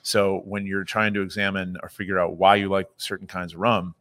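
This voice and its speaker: A man's voice: deep voice, level tone, fairly quick, a bit bright. A man co-hosting a casual podcast, enthusiastic and rambling with many restarts. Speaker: podcast co-host. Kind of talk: casual podcast chat about rum history.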